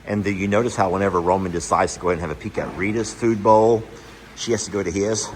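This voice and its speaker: A man's voice: fairly low pitch, animated, normal speed, long pauses, slight background noise, rough recording. A man vlogging from his barn, chatty and affectionate as he talks to his horses. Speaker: horse rescue owner. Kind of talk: casual vlog. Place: barn stalls.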